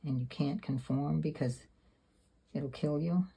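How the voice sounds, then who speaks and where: Woman, 70s, low mellow gravelly voice, rambling self-deprecating sketchbook chat. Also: unhurried. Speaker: sketchbook artist. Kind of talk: casual reflective talk while painting.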